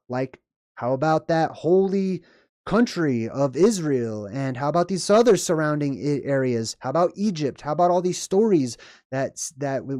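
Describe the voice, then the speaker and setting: Male commentator, mellow tone, dry room, casual and rambling, keeps asking "right?". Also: a little high, no echo. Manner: rambling, frequent "right?" and "okay?" check-ins. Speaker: video commentator.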